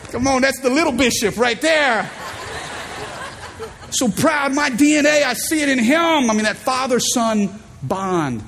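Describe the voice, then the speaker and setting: Preacher man in his thirties, high-pitched, emphatic, drawing in the congregation; stage recording with long hall reverb. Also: lively intonation, unhurried, creaky, a bit bright, slight background noise. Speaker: pastor. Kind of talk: sermon. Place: church stage.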